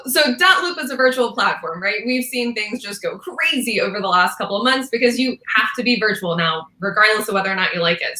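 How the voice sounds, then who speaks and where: An upbeat woman speaks briskly in a casual interview, her voice bright and forward. The sound carries a roomy echo around her. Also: medium pitch. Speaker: guest interviewer, tech partnerships manager.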